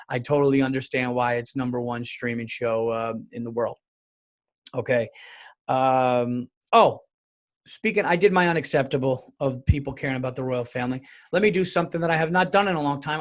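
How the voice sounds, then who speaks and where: A man hosting his own comedy podcast, talking solo in an animated, rambling, jokey way with some swearing. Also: mid-range voice. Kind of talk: casual solo podcast monologue.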